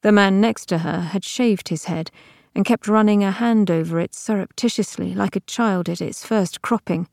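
Woman narrating an audiobook, steady measured read, bit of vocal fry, dry close sound. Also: mid-range voice, dry recording. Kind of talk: scripted fiction narration.

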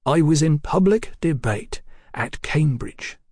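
A man's voice: a little high, big pitch swings, normal speed, slightly rough, dry recording, studio quality, heavily acted. A male narrator voicing a flustered Victorian scientist who blurts out his words in anxious indignation. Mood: agitated.

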